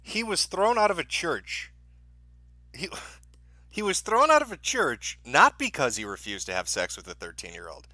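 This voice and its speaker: A man's voice: a little high, big pitch swings, normal speed, sharp tone, dry recording. Sarcastic, profane male stream host. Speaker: livestream host. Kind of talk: sarcastic commentary on a played clip.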